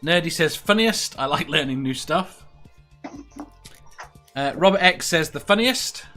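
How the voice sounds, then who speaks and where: A man hosting a casual online quiz hangout over a video call, reading out chat comments briskly and laughing often. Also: a little high, animated, sharp tone, soft background music. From Merseyside area of England.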